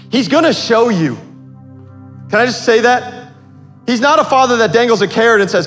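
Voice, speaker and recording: A man preaching a sermon to a congregation in a casual, joking way, with quick asides to the crowd. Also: high-pitched, animated, a bit bright, soft background music. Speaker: pastor.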